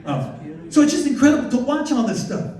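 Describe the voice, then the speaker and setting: A man giving a lively slide talk about wildlife photography, excitable and animated, often interrupting himself. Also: very high voice, brisk. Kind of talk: lively presentation to an audience. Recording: distant echoey hall recording.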